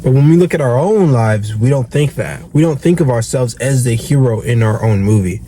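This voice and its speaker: A man's voice: medium pitch, animated, normal speed, warm tone, slight background noise. A young man giving an earnest, preachy motivational monologue as a self-improvement coach, swearing casually.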